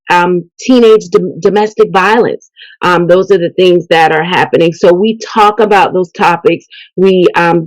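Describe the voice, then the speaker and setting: A woman's voice: on the low side, dry recording, rough recording. A middle-aged woman, a mentor speaking earnestly about her work and faith in an interview. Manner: earnest, faith-filled, animated. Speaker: event host and youth mentor. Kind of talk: interview guest. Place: local TV interview.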